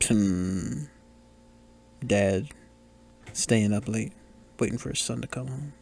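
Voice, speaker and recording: A man's voice: fairly low pitch, takes it slowly, gravelly, darkish tone, breathy edge. A man hosting a podcast, talking casually over a film, exclaiming and joking at the characters as scenes play. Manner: exclaims and reacts aloud to scenes. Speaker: podcast host. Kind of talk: casual movie commentary.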